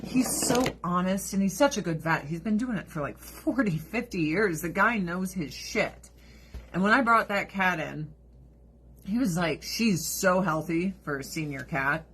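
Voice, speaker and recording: A woman's voice: mid-range voice, animated, measured pace, a bit bright, a little hiss or hum. A woman hosting a casual livestream chat and plugging her Avon store, candid and blunt, swearing freely and laughing often. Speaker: livestream host and Avon seller.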